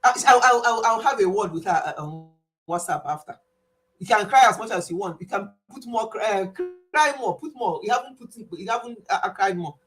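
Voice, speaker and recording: A woman's voice: mid-range voice, expressive, a little fast. A woman, hosting a casual live stream quiz and playfully scolding a viewer in a chatty way. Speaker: livestream host.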